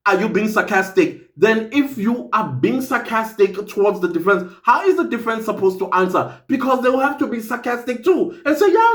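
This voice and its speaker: A man's voice: sits high, bright, forceful tone. A South African man giving opinionated commentary in an emphatic, incredulous way.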